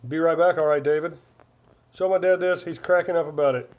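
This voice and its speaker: A man's voice: a little high, fairly even intonation, fairly quick, darkish tone. A man in his forties hosting a live stream, chatting casually and reading viewer comments aloud in a rambling way. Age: 40s. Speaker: livestream host.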